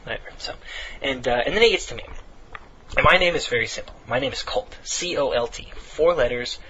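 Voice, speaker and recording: A man's voice: mid-range voice, brisk, bright, forceful tone, lo-fi sound. A teenage man in his late teens who tells a rambling story between game commentary, laughing and swearing casually.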